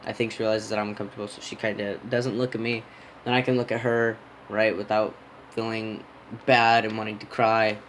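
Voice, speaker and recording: A man's voice: fairly low pitch, slight background noise, rough recording. Young man rambling through a story. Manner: rambling, self-interrupting, yawning and lip-smacking. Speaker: podcast host. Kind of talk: casual storytelling monologue.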